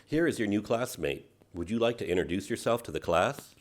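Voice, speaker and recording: Male actor as a kind schoolteacher greeting a new pupil, very low voice, encouraging classroom dialogue. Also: animated, fairly quick. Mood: welcoming. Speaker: teacher welcoming a new pupil.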